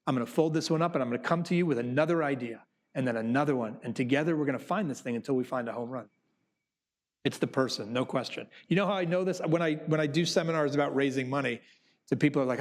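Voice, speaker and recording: In a conversational talk for business students, a Broadway producer shares anecdotes and acts out quotes with animation. His mid-range voice moves at a quick pace.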